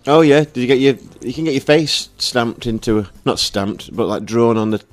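A man's voice: mid-range voice, moderate pace, faint music behind. A man co-hosting a radio show in a small studio, chatting in a laid-back way. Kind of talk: casual radio chat.

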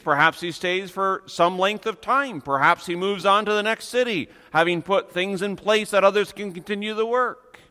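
A man's voice: high-pitched, pushed and bright. Earnest man preaching in a hall. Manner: earnest, emphatic preaching with slow stressed phrases. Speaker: pastor. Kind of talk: sermon.

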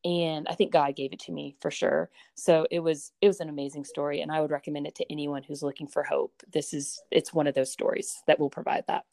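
A woman's voice: sits low, level tone, fairly quick, vocal fry, few pauses, warm tone, no echo. A woman chatting casually as a podcast guest, upbeat and laughing easily. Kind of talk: casual interview chat.

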